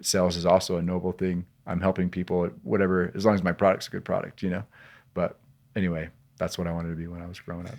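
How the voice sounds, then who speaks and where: Podcast guest, man, very low voice, lively rambling storyteller. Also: quick pace. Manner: animated, rambling anecdotes with self-corrections. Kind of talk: casual storytelling interview.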